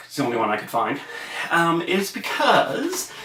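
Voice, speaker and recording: A man's voice: fairly high pitch, huge pitch swings, normal speed, background noise. A young man giving a casual film review, rambling and hesitant with lots of fillers. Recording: roomy echo, mic at a distance.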